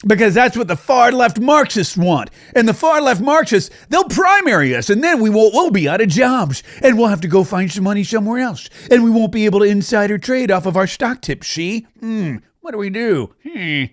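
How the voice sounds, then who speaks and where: A man's voice: sits high, sing-song, moderate pace, few pauses, no echo, studio quality. A man voicing a scheming male gangster from a 1950s film who tacks "see?" onto his lines. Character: fast-talking male 1950s movie gangster.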